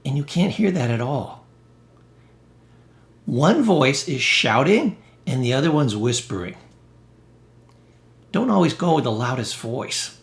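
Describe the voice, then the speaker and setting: A man's voice: mid-range voice, big pitch swings, unhurried, creaky, pauses often. A man, a therapist, giving a blunt, emphatic motivational self-help talk with punchy, salty humor. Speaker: therapist and educator. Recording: roomy echo.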